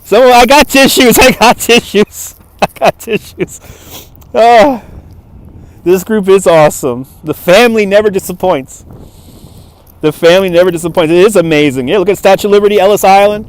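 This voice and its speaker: A man's voice: sits high, fairly quick. A man hosting a live walking stream outdoors, chatty and laughing as he thanks viewers by name, filmed on a phone on a gimbal. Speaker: livestream host. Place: outdoors on a cold waterfront.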